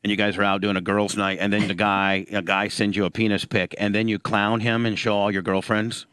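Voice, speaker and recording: Low-voiced guy hosting radio, crude teasing banter, dry close sound. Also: level tone, a little fast, a bit bright, clear, resonant tone, no room sound. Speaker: radio show host. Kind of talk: casual live radio interview.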